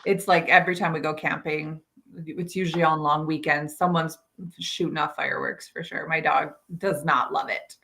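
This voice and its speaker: A woman with an Albertan Canadian accent, co-hosting a morning show in casual chat, chatty and quick to laugh. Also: sits low, fairly even intonation, gravelly, bright, forceful tone. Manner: chatty, laughs easily, trailing "so".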